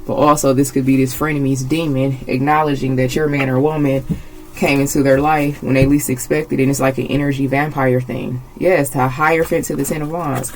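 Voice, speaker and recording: Speaking in a bass voice, level and a bit fast, a tarot reader delivers a casual reading over a rough recording. She swears freely, repeats herself, and gets emphatic and agitated in her bluntness.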